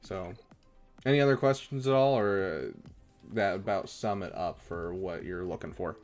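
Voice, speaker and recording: A young man casually chatting on a live stream, giving relaxed advice with lots of ums and uhs. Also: low-pitched, normal speed, soft background music. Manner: relaxed, chatty, many fillers, gives advice. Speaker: streamer reviewing viewers' game rosters.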